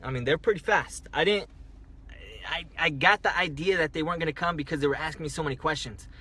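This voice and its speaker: A man's voice: fairly high pitch, fast, pushed and bright, slightly rough. Rambling man on a phone livestream. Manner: rambling, repeats himself, restarts often. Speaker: livestreaming driver. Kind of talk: casual livestream storytelling. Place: parked car at night.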